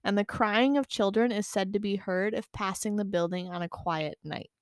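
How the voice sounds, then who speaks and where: A young woman from Michigan co-hosts a casual podcast, laughing a lot as she reads out local ghost lore. Her voice sits at a middling pitch. She is recorded close to the mic in a dry, dead room. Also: normal speed, smooth, dry recording. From Michigan, USA. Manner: laughs often, swears casually. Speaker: podcast co-host. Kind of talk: casual podcast chat reading ghost stories.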